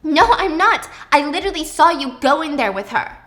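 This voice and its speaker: A woman voicing a shrill, hurt young wife. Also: big pitch swings, normal speed, a bit bright. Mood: pleading. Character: angry, hurt young wife confronting husband.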